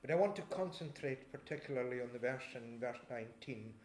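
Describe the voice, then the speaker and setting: A man preaching a sermon in a church, reading scripture slowly and explaining it in a measured way, with frequent throat clearing. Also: mid-range voice, lively intonation, a little hiss or hum. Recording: echoey church room.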